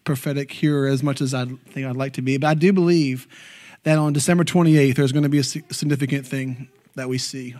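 A man's voice: medium pitch, fairly even intonation, a little fast, warm tone. A man reading a Bible passage aloud and reflecting on it earnestly.

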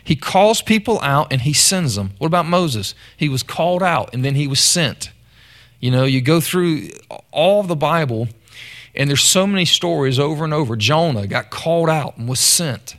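A man's voice: fairly high pitch, animated, normal speed, a bit bright. A man preaching a sermon in a conversational storytelling way. He often repeats words and calls out to the congregation.

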